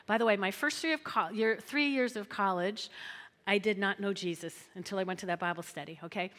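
A middle-aged woman pastor preaching an animated sermon in a church, repeating phrases and acting out voices. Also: mid-range voice, fairly quick, in a large hall. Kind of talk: lively sermon with acted-out quotes.

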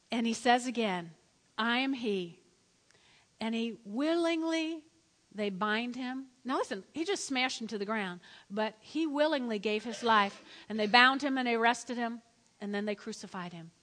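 A woman's voice: a little high, pushed and bright. A woman preaching a sermon, telling the story dramatically and acting out the quotes. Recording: long hall reverb.

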